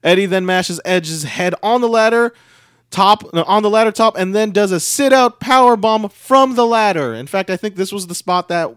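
A man with a fairly high voice, talking through a wrestling match move by move on a casual podcast. He gets excited and loud on the big spots. The sound is dry and close, with no room around it. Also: moderate pace, clean tone, dry recording. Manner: lively play-by-play, rising loudly on big moves. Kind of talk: casual chat with play-by-play recap.

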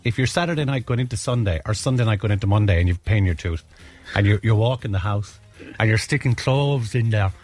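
Chatty radio host, low voice. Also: male voice, quick pace, a little mellow, faint music behind. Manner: chatty, laughing, reading out listener messages. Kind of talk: casual radio chat.

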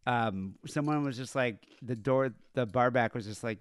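A man's voice: mid-range voice, moderate pace, smooth, no echo. A man with a mid-range voice spins a loose, casual anecdote as a caller. He rambles, backtracks and swears freely. His voice is dry and close to the mic. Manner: rambling, profane, offhand. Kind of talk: casual storytelling.

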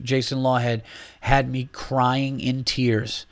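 In a casual sports rant, a male podcast host gets blunt, profane and opinionated about basketball, restarting frequently. He speaks at normal speed in a level, mid-range voice, recorded dry.

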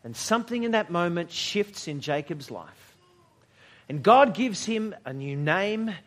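Male pastor, high-ish voice, reflective sermon delivery with dramatic pauses and soft near-whispered lines. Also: sing-song. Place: church service.

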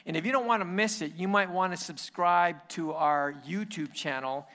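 A man's voice: high voice, moderate pace, pushed and bright. A male pastor praying and then opening his sermon in a conversational way, with frequent restarts.

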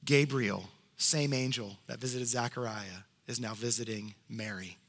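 A man preaching a sermon as pastor, talking in a conversational way and dropping to soft hushed tones for emphasis. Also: mid-range voice, normal speed, in a large hall. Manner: conversational asides.

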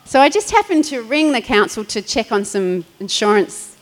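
A woman's voice: a little high, sing-song, moderate pace, low-quality recording. A middle-aged woman pastor, preaching in a chatty storytelling way, laughing and acting out quotes. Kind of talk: sermon.

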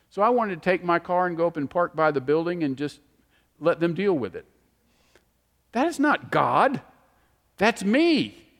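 A man preaching a sermon, animated and storytelling, moving from emphatic to hushed. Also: on the high side. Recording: long hall reverb.

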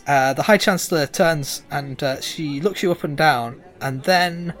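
A man's voice: a little high, a little slow, a bit bright, faint music behind. A man running a tabletop game as game master, narrating in a chatty, loose way with many fillers.

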